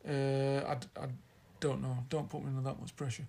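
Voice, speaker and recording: A man's voice: mid-range voice, little pitch movement, brisk, creaky, warm tone. A man with a Yorkshire accent co-hosting a podcast, chatting casually in a rambling, teasing way. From Yorkshire, England. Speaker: podcast co-host. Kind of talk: casual chat.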